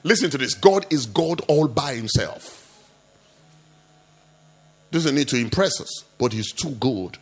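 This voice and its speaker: A male pastor delivers an impassioned sermon, swinging between quiet asides and loud rebukes packed with rhetorical questions. His voice is on the low side.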